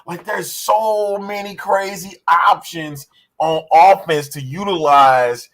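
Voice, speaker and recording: A man co-hosting a football podcast, his slightly high voice tumbling through ideas. He rambles and gets excited as he pictures new plays, keeping it loose and chatty. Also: slow pace. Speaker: podcast co-host. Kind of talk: casual sports podcast chat.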